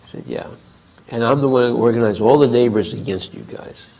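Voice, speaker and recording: Gravelly man telling a story in class. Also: medium pitch, fairly quick, darkish tone, rough recording. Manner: conversational, acts out quoted dialogue. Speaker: temple speaker.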